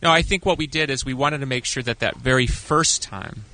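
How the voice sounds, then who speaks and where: A man's voice: mid-range voice, brisk, pushed and bright. A middle-aged man, a guest musician, speaking reflectively and with dry humor in a casual studio interview.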